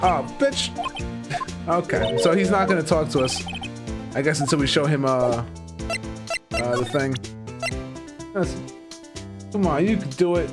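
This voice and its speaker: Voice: mid-range voice, sing-song, unhurried, pauses often. A streamer casually commenting on a game and reading its dialogue aloud in a jokey manner, swearing often. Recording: game music playing behind.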